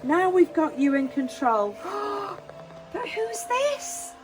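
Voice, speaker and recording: A very high, slow-spoken woman with a Manx English accent leads little ones on a festive tour, greeting each thing with gasps and sing-song exclamations. Music plays clearly behind her. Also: sing-song, rough recording. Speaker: children's singing group leader. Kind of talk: cheerful tour for toddlers.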